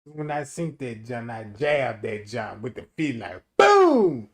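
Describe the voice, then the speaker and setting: A man streaming a profane comedic rant, swinging from shouting to muttering. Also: mid-range voice, measured pace.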